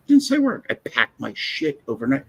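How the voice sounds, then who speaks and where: A man hosting a livestream, telling a personal story in a blunt, profane, animated way. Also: mid-range voice, moderate pace, breathy edge, muffled recording. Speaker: livestream host. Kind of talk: casual storytelling chat.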